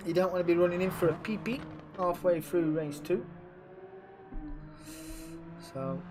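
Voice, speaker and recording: A man hosts a racing league live, calling the action in a casual, excitable way. His voice sits a little on the high side, and he chats with his viewers and drops slang as he goes. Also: a little slow, pauses often, over music. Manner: excitable, chatty, slangy, talks to chat. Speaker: league host and race commentator. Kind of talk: casual live-stream race commentary.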